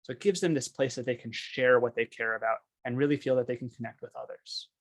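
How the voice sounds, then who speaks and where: A man's voice: medium pitch, steady tone, fast. A man giving a webinar presentation over a video call, telling stories with enthusiasm. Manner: enthusiastic, storytelling. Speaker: esports program presenter.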